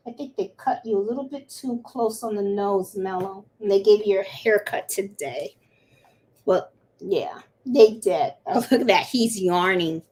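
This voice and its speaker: Speaking at a normal pace in a medium, slightly mellow voice, this middle-aged woman is hosting a crafting channel's livestream. Her talk wanders casually, broken now and then by cooing at her dog.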